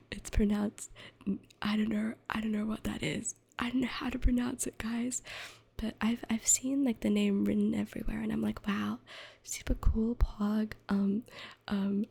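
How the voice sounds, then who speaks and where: A woman's voice: mid-range voice, level tone, moderate pace, vocal fry, dark tone, husky. A young woman streamer in a whispered ASMR chat, rambling and giggling at herself as she reads, close to the mic. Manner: giggly, rambling, self-deprecating.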